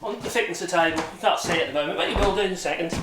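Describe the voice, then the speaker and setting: A man with a fairly high voice rambles along in a casual workshop vlog, often stopping to correct himself. He sounds a little far from the microphone, and his voice echoes around a home workshop. Steady noise sits underneath him. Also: racing. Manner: rambling, chatty, self-correcting. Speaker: hobby woodworker showing a machine. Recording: echoey room, distant mic, noisy background.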